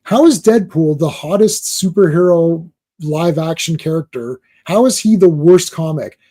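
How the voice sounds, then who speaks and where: A man's voice: on the high side, animated, unhurried, mellow. A man hosting a comic book podcast, talking casually and rambling as he repeats himself. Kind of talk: casual chat.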